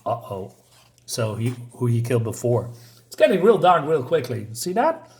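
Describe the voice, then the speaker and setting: A man reviews a comic book in a loose, chatty way. He rambles, fills pauses with "um" and "uh", and corrects himself often. He reads the characters' lines aloud in much the same plain voice as his own. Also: medium pitch, sing-song, darkish tone. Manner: rambling, with many fillers and self-corrections. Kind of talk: casual video review.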